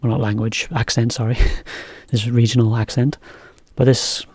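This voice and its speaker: A man teaching English in a relaxed, chatty video lesson, explaining as he goes. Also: mid-range voice, moderate pace, slightly rough, no echo, studio quality.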